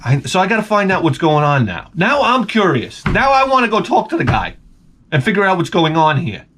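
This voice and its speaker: Comedic vlogger, man, lively swooping voice, slightly high, swears and stammers, rant storytelling. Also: fairly quick, a little hiss or hum. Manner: animated, swearing, stammering restarts.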